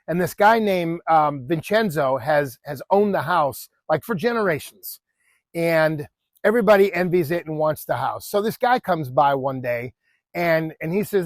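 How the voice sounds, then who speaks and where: A man's voice: a little high, expressive, normal speed, dry recording. A man casually telling a story with a moral, chatty, with many fillers and asides to the listener.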